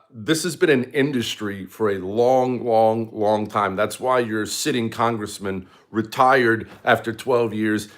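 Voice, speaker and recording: A man's voice: fairly low pitch, a bit bright. A man delivering a combative, sarcastic opinion monologue as a political commentary host, sometimes mocking his opponents in a put-on voice.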